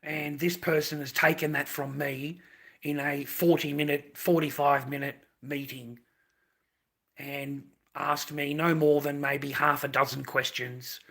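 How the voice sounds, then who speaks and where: A man rants on a live stream in a gravelly, husky voice with a tense, sharp edge. He is agitated, circles back to the same phrases, stammers and swears as he talks. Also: a little high, little pitch movement, measured pace. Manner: agitated, repeats phrases, swears, stumbles over words. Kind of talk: emotional livestream rant.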